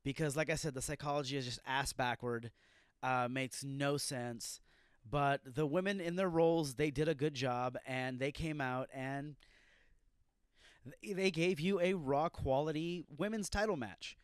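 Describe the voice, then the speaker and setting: A man hosts a solo wrestling review podcast, reacting to a show with profane, ranting, irritated outbursts. His medium-pitched voice is clear and resonant at a measured pace, recorded dry in studio quality.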